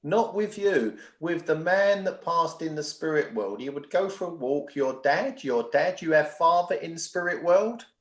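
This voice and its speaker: Chatty medium in an echoey room. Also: male voice, on the high side, lively intonation, a little slow, few pauses. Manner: chatty, checks in with the sitter often. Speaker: spiritual medium. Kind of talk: giving readings at a spiritual service. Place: at home.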